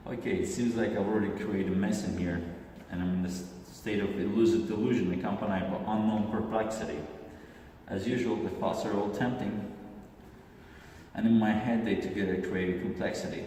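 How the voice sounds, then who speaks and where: Man, Azerbaijani accent, low voice, measured delivery, far from the mic in a booming echoey hall. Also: steady tone, mellow. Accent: Azerbaijani, Aghdam. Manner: deliberate, measured delivery with occasional restarts. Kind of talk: reading a prepared comic monologue. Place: large hall indoors. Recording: echoey hall, distant mic, faint hiss.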